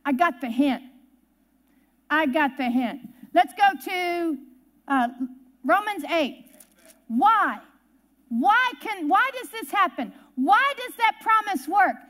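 Very high-voiced woman preaching. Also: very animated, slow pace, pauses often, fairly bright tone. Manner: emphatic, folksy storytelling, repeats key words. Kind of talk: sermon. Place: church service.

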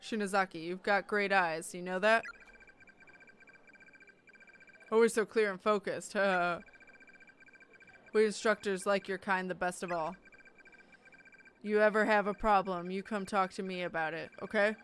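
A woman's voice: medium pitch, fairly even intonation, moderate pace, slight background noise, natural voice. A woman voicing a smug, sleazy male teacher. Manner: smug, preachy.

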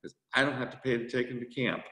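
A man who leads a youth sailing group, giving a brisk, upbeat motivational talk to a meeting. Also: mid-range voice, level tone, pushed and bright, echoey room, low-quality recording. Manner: brisk and upbeat, rushing to fit his time. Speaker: sea scout skipper giving a presentation.

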